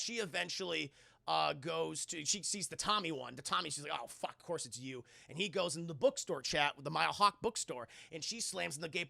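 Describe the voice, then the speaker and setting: Young guy streamer yelling thru a movie recap, super gravelly and bright, dry close mic. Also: high-pitched, dry recording. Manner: profane, excitable, acts out quotes in loud voices. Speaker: streamer reviewing a film. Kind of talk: animated scene-by-scene film recap to live chat.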